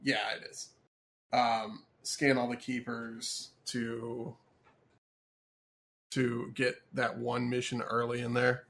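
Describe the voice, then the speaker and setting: A man co-hosting a casual gaming podcast, talking in a relaxed, rambling way. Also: medium pitch, slow pace, vocal fry, pauses often. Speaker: podcast co-host. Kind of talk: casual chat.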